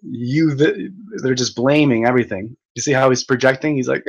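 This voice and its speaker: Young male streamer, mid-pitched, reads chat aloud and mocks it, swears, laughs a lot. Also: moderate pace, husky, rough recording. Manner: mocking, exasperated, laughs often, swears. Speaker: livestream host reading chat. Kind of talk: ranting livestream chat.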